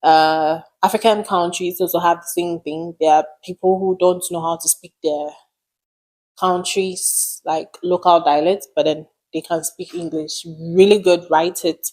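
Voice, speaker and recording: A woman's voice: fairly low pitch, steady tone, measured pace, a little mellow. A woman from Ghana, hosting a casual sister chat and talking straight to the audience. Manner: chatty, talks to the audience directly. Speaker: podcast host.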